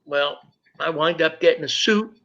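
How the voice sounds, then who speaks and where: High, bright-voiced middle-aged man telling his story. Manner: halting, stumbles and repeats words when moved. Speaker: guest. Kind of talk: emotional personal storytelling. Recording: dull lo-fi recording.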